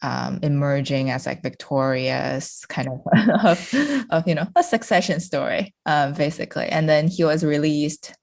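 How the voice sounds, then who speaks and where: A woman's voice: low voice, moderate pace, creaky, a little mellow. A woman from China chatting as a podcast guest, talking casually with lots of fillers and frequent laughter.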